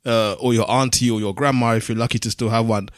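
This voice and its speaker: A man's voice: medium pitch, fairly even intonation, fast, clean tone, no room sound, studio quality. A man from Canterbury co-hosting a podcast, explaining his view in thoughtful casual chat. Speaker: podcast co-host.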